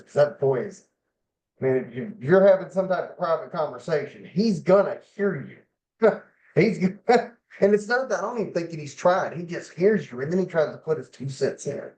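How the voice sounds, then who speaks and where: A man's voice: fairly high pitch, animated, normal speed, darkish tone, poor audio. A man in a sign language class casually telling a story about a family member, rambling with an easy laugh. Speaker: class student.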